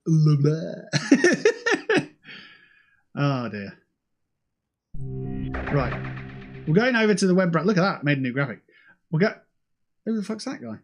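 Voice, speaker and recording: A young British man chats casually to his livestream audience, cursing freely and lurching between high and low. His voice sits on the higher side for a man and moves with a lot of melodic range. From United Kingdom. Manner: animated and sweary, jumping between high and low. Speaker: livestream host. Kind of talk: casual streamer chat.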